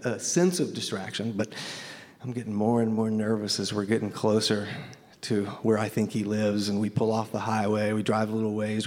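A man's voice: fairly low pitch, a little mellow. A man from Memphis telling a personal story on stage, wry and conversational, nervous and a little shaky. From Memphis, USA. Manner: conversational, wry, self-deprecating. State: nervous, shaking. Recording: long hall reverb.

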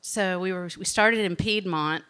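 A woman from Alabama with a Southern accent, telling a personal story in an animated, chatty way. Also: fairly low pitch, measured pace. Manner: animated, chatty, often laughing.

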